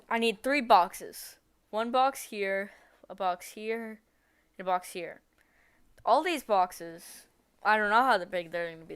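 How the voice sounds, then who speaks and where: A woman's voice: medium pitch, clean tone. Woman thinking aloud on a stream. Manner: thinking aloud, rambling and correcting herself. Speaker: live streamer. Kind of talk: casual live-stream talk while coding.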